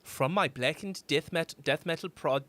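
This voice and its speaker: A man doing an impression of a polite, soft-spoken German drummer, speaking slowly and carefully with a put-on German accent. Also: fairly high pitch, close to an everyday voice. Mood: earnest. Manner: slow, careful, gentle.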